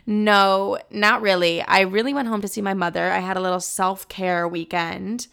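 Podcast host, woman in her 20s from Chicago: chatty, casual swearing, smooth voice with a gravelly edge. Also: medium pitch, fairly even intonation, moderate pace, a bit bright. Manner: chatty, fills talk with "like" and "literally", swears casually. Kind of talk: casual chat.

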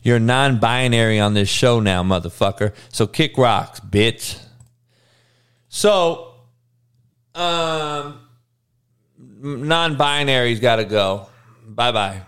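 A man's voice: mid-range voice, clear, resonant tone. Hungover male stream host, sluggish and profane, clean resonant voice. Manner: crude, blunt trash talk with frequent swearing; slow, monotone delivery. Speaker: live-stream host reading chat. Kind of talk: casual profane live-stream chat.

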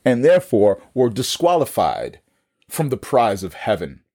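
A man's voice: mid-range voice, wildly swooping pitch, measured pace, dark tone. A man with a New York accent telling his own story in a casual podcast conversation, acting out the dialogue and repeating words as he goes.

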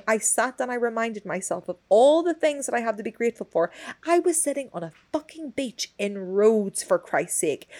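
Candid woman, sweary storyteller. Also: fairly high pitch. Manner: expressive, swears freely, animated storytelling. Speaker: podcast co-host. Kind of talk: candid casual chat.

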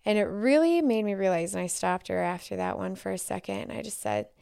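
A woman hosting a solo podcast, talking candidly and haltingly, often dropping to a near whisper. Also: mid-range voice, wildly swooping pitch, dark tone, no room sound, clean studio sound. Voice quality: gravelly fry. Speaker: podcast host.

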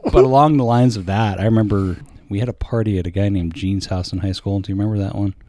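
A man hosting a casual chat, telling stories in a relaxed way and laughing often. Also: on the low side, fast talker.

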